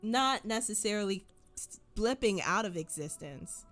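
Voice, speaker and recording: A woman's voice: mid-range voice, expressive, normal speed, fairly bright tone, faint music behind. A woman narrating as game master of a tabletop role-play, describing scenes unhurriedly.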